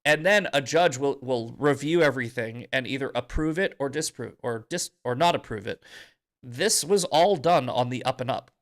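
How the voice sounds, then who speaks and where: A man's voice: mid-range voice, animated, moderate pace. A male podcast host giving heated, profane commentary in an angry ranting manner.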